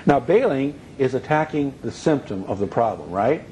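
A man's voice: medium pitch, animated, normal speed, dark tone, a little hiss or hum, poor audio. A man teaching a conversational sermon in a folksy way, full of asides. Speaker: Bible teacher.

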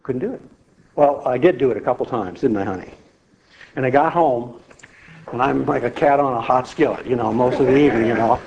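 Brisk and gravelly, with a darkish tone and medium pitch, a middle-aged preacher gives a folksy sermon that includes personal testimony. He addresses the congregation in a conversational way, on a slightly dull lo-fi recording.

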